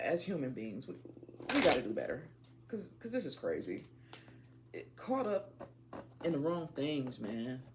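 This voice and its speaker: A tarot reader, a woman, talks to her viewers in blunt, profane slang. Her voice has a gravelly fry and swoops widely up and down in pitch as she goes off on tangents. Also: darkish tone, a little hiss or hum. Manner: talks straight to viewers as y'all. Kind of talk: casual tarot reading chat.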